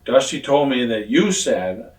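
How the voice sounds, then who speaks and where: A man's voice: medium pitch, very animated, a little slow. Blunt, profane older man telling stories. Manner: blunt, profane, acts out quoted dialogue. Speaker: retired pro wrestler telling stories. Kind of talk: casual shoot interview storytelling. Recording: roomy sound from a distant mic.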